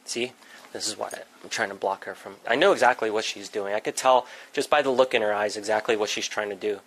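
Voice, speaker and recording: A man's voice: lowish voice, fairly even intonation, fairly quick, a bit bright, a little hiss or hum, rough recording. A man hosting a casual livestream from a home music setup, chatting and scolding his pets in an exasperated way.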